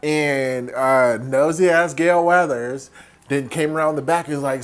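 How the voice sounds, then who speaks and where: A tipsy man retelling a horror film as a comedy recap, animated and profane, jumping into quick impressions of the characters. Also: fairly high pitch. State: tipsy from wine. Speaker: host.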